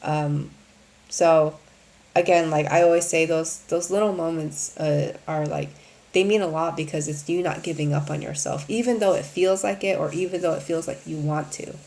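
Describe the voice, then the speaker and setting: A woman's voice: sits low, fairly even intonation, moderate pace, gravelly, darkish tone. A woman hosting a live Q&A, speaking earnestly to her viewers in a rambling way, full of "um" and "you know". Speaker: host of a live Q&A stream. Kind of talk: candid casual talk to viewers.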